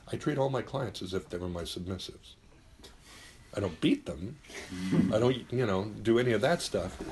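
A man's voice: low voice, a little mellow, slight background noise. A middle-aged man hosting a talk show, giving blunt, emphatic advice with plenty of swearing and acted-out quotes. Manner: acts out quoted voices. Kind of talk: casual advice monologue.

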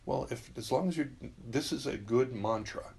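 Here a middle-aged talk show host speaks at a moderate pace in a mid-range, darkish voice over slight background noise. His casual monologue offers blunt, emphatic advice, heavy on swearing, with quoted voices acted out.

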